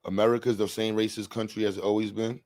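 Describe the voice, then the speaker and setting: A livestream host with a fairly low, slightly mellow voice talks quickly in a flat delivery. His casual chat is loose, rambling and slangy, with frequent laughs.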